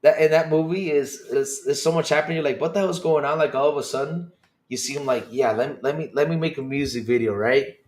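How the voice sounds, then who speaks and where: Reacting to comments in a casual livestream chat, this podcast host talks quickly in a fairly high, slightly mellow voice. His loose chatter is full of repetition, cursing, and frequent laughter.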